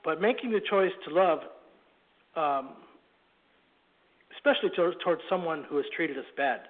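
A man giving a sermon, telling stories in a halting way, often repeating words and clearing his throat. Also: on the high side, expressive. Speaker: preacher. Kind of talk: sermon storytelling. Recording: tinny phone-like line.

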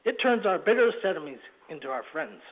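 High-voiced man preaching over a tinny line. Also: very animated. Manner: halting, repeats words, clears throat and coughs. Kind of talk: sermon storytelling.

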